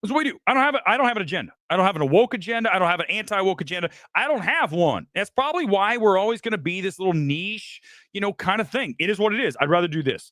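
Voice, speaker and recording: A man with a fairly high, swooping voice hosts a live film-reaction stream, ranting bluntly and with plenty of swearing. He boasts about his judgment and dares his viewers to disagree. The sound is dry and close. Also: sharp tone, no room sound. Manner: challenges viewers directly. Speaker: film critic host.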